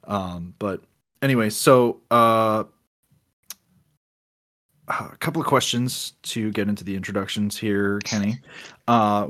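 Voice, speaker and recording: A young man from Florida co-hosting a podcast in casual chat, excitable, with loud bursts of laughter and stumbling restarts. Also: on the low side. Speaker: podcast co-host. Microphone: home computer mic on a call.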